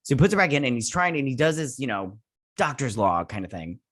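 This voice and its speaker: A man talks through a review in a loose, rambling way, with his frustration showing through constant restarts and fillers. His voice sits at an ordinary middle pitch. The sound is dry and close, with no room around it. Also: very animated, fast, fairly bright tone, dry recording. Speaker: YouTube review host. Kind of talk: casual spoken review.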